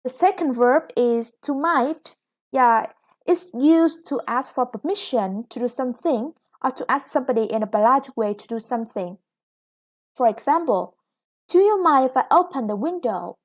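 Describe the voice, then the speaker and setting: A woman English teacher with a Vietnamese accent, explaining grammar in a recorded lesson, slow and patient with many "yeah" and "okay". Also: high-pitched, animated.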